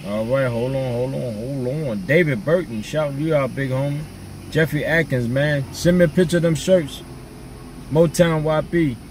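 A man's voice: mid-range voice, normal speed, a little mellow, recorded from a distance, slight background noise. A man in casual chat with his viewers, laid-back and slangy, reading out viewer names. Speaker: vlogger.

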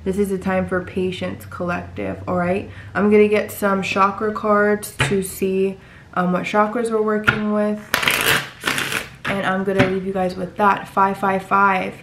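A woman's voice: mid-range voice, little pitch movement, a little slow, background noise. A woman giving a tarot reading to her viewers, reassuring and repeating phrases for emphasis. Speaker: tarot reader.

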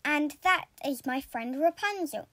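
Storybook role: a kind young hairdresser, reassuring and calm, high and unhurried, as a woman reads her. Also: heavily acted. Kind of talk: storybook character voice.

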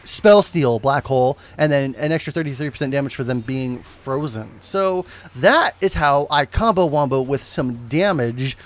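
A man's voice: mid-range voice, moderate pace, few pauses. A young man giving casual, rambling commentary on a game he streams, often correcting himself and tossing in jokes. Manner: rambling, self-correcting, joking asides.

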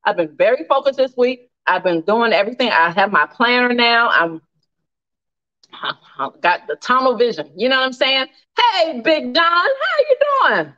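A woman hosting a casual live cooking stream, animated and laughing often as she reads viewer comments aloud. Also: fairly high pitch, moderate pace, lo-fi sound.

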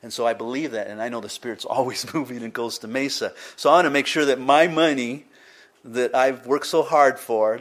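An older man, a pastor, preaching a conversational sermon with frequent asides and chuckles. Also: medium pitch.

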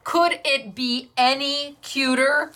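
A woman's voice: high-pitched, fairly even intonation, sharp tone. Gushing, emotional woman craft host. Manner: gushing, emotional, laughs often, slow and fond. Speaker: craft store owner and host. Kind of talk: unboxing and showing crafts on a class video. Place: her retail craft store.

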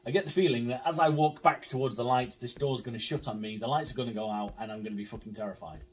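A man's voice: medium pitch, fast talker, distant mic. A man commentating a horror game, swearing a lot, jumpy and sarcastic. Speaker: gaming YouTuber.

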